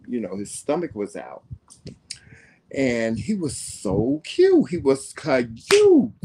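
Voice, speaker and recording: A man's voice: mid-range voice, mellow, slight background noise, poor audio. A man from the American South with a faded Southern accent, chatting casually as co-host and full of fillers and restarts. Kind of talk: casual chat.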